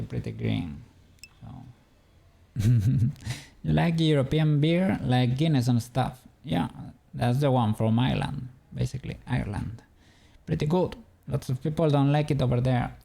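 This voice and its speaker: Streamer, male, dark gravelly tone, rambling chat punctuated by chuckles. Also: medium pitch. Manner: rambling, chuckling often, self-correcting. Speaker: livestreamer doing 3D modeling. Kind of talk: casual chat with viewers.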